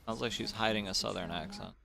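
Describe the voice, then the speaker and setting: A man's voice: on the low side, fast talker, vocal fry, pushed and bright, a little hiss or hum. A man casually commenting on a game he plays on stream, with wry, sarcastic remarks.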